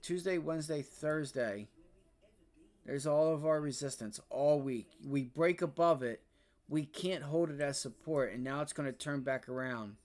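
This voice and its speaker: A young man hosting a live trading stream with a fairly high-pitched voice. He rants and swears at the market, jumping from loud exasperated outbursts to low grumbling under his breath. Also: a little slow. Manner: frustrated, profane, ranting about price action; swings between loud outbursts and low muttering. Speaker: day trading livestream host.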